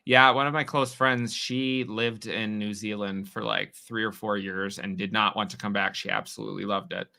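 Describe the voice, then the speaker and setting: Streamer guy from New York, bright tone, chatty and teasing with his viewers. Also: on the low side, steady tone, creaky. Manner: chatty, teasing, quick reactions to chat. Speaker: livestream host. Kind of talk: casual livestream chat reading comments.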